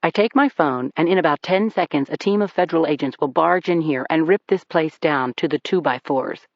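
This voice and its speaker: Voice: mid-range voice, fairly quick, no echo, close to an everyday voice. A reader voicing a tough male federal agent. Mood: threatening. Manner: menacing, calm threats. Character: tough male ex-prosecutor cop, confident. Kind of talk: audiobook character reading. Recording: dull dry recording.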